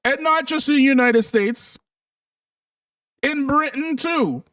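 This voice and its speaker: High-voiced man ranting on a livestream. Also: slow pace, pauses often, sharp tone, no room sound, studio quality, far from the mic. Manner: emphatic, preachy, calls viewers "family" and "y'all". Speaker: livestream host. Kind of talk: casual livestream commentary.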